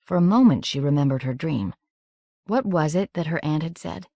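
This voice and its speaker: A woman narrating an audiobook in a measured, steady reading. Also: low-pitched, no room sound, studio quality.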